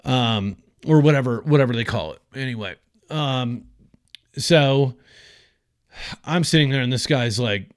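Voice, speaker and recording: A man's voice: medium pitch, unhurried, long pauses, dry recording, studio quality. A man hosting a podcast, telling a personal story in a casual, rambling, profane way with lots of fillers. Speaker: podcast host.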